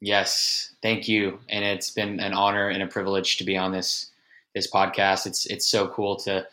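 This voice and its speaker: A man guesting on a podcast as a fitness coach, talking in a warm, affirming, grateful way. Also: sits low, monotone, moderate pace. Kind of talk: casual chat.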